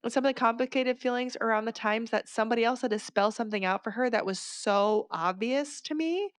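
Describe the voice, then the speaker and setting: Smooth-voiced animated woman podcaster. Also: fairly high pitch, fairly quick, dry recording, studio quality. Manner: animated, exasperated asides. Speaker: podcast co-host. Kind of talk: casual book discussion.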